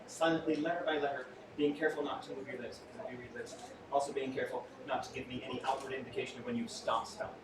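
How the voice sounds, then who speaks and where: Speaking very fast in a mid-range voice with little pitch movement, a man performs mentalism on stage before a small audience, keeping up playful, theatrical patter and joking asides. The mic is far away in an echoey room, and the audience can be heard.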